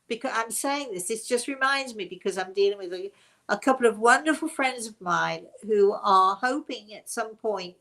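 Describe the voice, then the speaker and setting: A woman's voice: fairly high pitch, fairly bright tone. An older woman talks straight to her online audience in a loose, chatty way. She wanders from thought to thought, restarts her sentences and keeps breaking into laughter as she goes. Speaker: host. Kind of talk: casual chat to a webinar audience.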